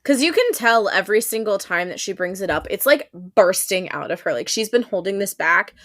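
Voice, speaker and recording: A woman's voice: medium pitch, animated, a bit bright, dry recording, clean studio sound. A woman co-hosting a casual podcast chat, speaking earnestly and emphatically about how scenes make her feel. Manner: earnest, emphatic, slows down on feelings. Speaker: podcast co-host.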